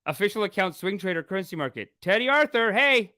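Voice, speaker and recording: A man chats casually to viewers on a live stream, animated and quick to exclaim, his voice slightly high and swinging widely in pitch. The sound is dry and close, with no room around it. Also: dry recording. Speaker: spiritual teacher. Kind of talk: casual livestream chat.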